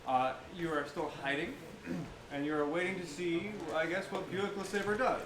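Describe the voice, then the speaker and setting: A man's voice: sits high, steady tone, normal speed. A man narrating a tabletop game as game master in a loose, easygoing way. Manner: loose, laughing narration with fillers. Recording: echoey room with background noise.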